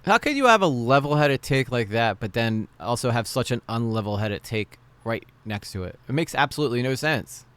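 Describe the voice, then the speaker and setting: A man's voice: medium pitch, expressive, fairly quick, hardly any pauses, fairly bright tone, clear, resonant tone, no echo. A man hosting a reaction video, talking casually over a debate clip with sarcastic, mocking asides.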